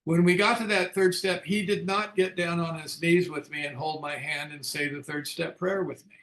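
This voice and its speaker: A man's voice: a little high, steady tone, normal speed, fairly bright tone. An older man leading a recovery book study, telling his own story in a frank, self-mocking way with frequent chuckles. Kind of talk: candid storytelling talk.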